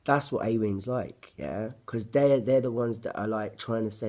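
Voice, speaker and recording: A man's voice: fairly low pitch, normal speed, hardly any pauses, a little mellow. A man, telling a personal story to camera in an agitated, profane, blunt ranting way. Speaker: vlogger.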